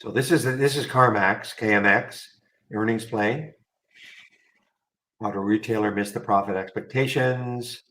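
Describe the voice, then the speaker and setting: Brief: male host, lowish voice, rambling and dry, live stock-trading commentary. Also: a little slow, sharp tone, low-quality recording. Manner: rambling, wry, talks to chat viewers.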